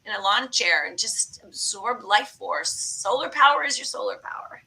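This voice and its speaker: A woman in her late fifties hosting a casual podcast chat, animated and enthusiastic. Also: medium pitch, normal speed, gravelly, rough recording. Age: late 50s. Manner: animated, enthusiastic, breezy and upbeat. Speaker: podcast host.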